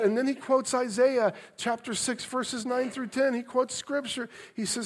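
A male pastor preaching a sermon, earnest and expressive, moving between loud emphasis and soft, tender passages. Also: extremely high pitch, moderate pace, few pauses, slightly rough.

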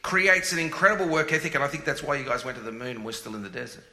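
A man with an Australian accent, speaking as a guest on stage in an animated, teasing, playful way. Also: medium pitch, rapid-fire, echoey room, a little hiss or hum, low-quality recording. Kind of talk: joking stage chat.

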